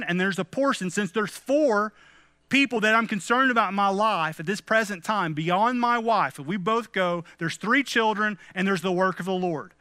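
A man delivers a devotional message with a sincere, earnest preacher's manner. His voice sits high and sounds bright and forward. He keeps turning to his listeners as friends. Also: clean tone, dry recording.

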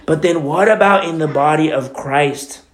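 A man's voice: fairly high pitch, normal speed, echoey room, a little hiss or hum. A man preaching a sermon as pastor, with emphatic, repetitive, conversational delivery. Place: church.

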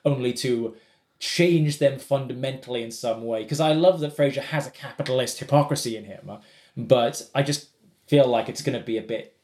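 A man's voice: medium pitch, darkish tone. Guy on a podcast, mid voice, chatty and opinionated, echoey room. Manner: opinionated, quick tangents. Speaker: podcast co-host. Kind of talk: casual chat.

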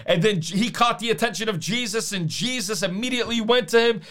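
A man preaching a sermon, emphatic, slowing down to repeat key lines. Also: high-pitched, sharp tone.

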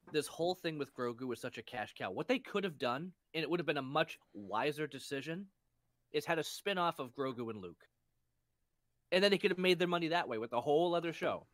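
A man co-hosting a casual podcast chat, talking in an animated, emphatic way as he criticizes a show. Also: on the high side, no echo. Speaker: podcast co-host.

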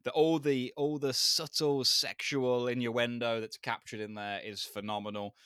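A man's voice: mid-range voice, flat delivery, moderate pace, fairly bright tone, clear, resonant tone, no room sound, clean studio sound. A man co-hosting a podcast, recapping scenes in a casual, amused way. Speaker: podcast co-host. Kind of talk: casual chat.

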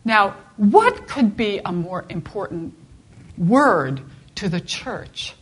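A woman teaching a Bible class in a conversational, expressive way, often restarting her sentences. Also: lowish voice, slightly rough. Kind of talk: informal Bible class lecture.

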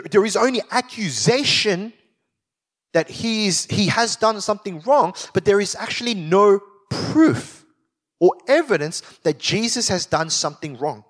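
A man's voice: high-pitched, big pitch swings, a little slow. A man teaching a Bible study in sermon style, explaining with emphasis and reading scripture aloud.

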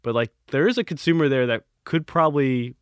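Smooth low-voiced man, close and dry. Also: fairly quick, no echo. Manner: easygoing, animated when telling stories. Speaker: brewery co-founder. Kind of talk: casual podcast conversation.

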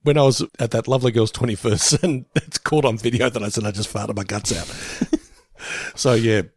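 A man's voice: mid-range voice, steady tone, moderate pace, no room sound, clean studio sound. A middle-aged Australian man co-hosting a podcast in casual chat, joking, laughing often and swearing freely. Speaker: podcast co-host.

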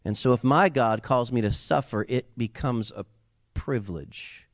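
A man preaching a sermon as a pastor, building to loud emphatic peaks and dropping into relaxed, joking asides to the congregation. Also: mid-range voice, unhurried, dry recording, studio quality. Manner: conversational asides with humor.

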